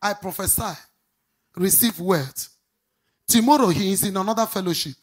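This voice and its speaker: A woman's voice: mid-range voice, husky. Sing-song Nigerian woman pastor preaching. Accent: Nigerian English. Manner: sing-song, quizzes the congregation; emphatic, drawn-out stressed words. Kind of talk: preaching sermon with call-and-response.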